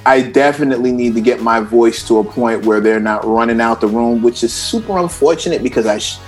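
A man from Queens co-hosting a casual podcast chat, joking and getting animated, his voice shooting up when excited. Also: medium pitch, a little fast, faint music behind. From Queens, New York, US. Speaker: podcast co-host.

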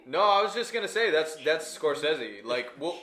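A man hosting a casual podcast chat, enthusiastic and quick to laugh. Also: on the high side, big pitch swings, sharp tone. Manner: enthusiastic, laughs often, restarts and fillers. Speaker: podcast host. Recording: echoey room.

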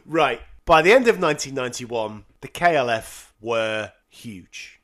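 A man co-hosting a casual music podcast, animated and often laughing, reading quotes aloud with sarcastic asides. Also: mid-range voice, measured pace, hardly any pauses. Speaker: podcast co-host.

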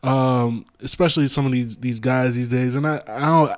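A man co-hosting a casual chat, giving laid-back, measured commentary. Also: medium pitch, fairly even intonation. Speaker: podcast co-host.

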